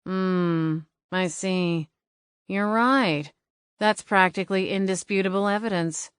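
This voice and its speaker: A woman's voice: medium pitch, slow, smooth, no room sound, lightly acted. A woman narrating an audiobook, voicing a sardonic male ghost cat with dry, teasing quips. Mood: wry.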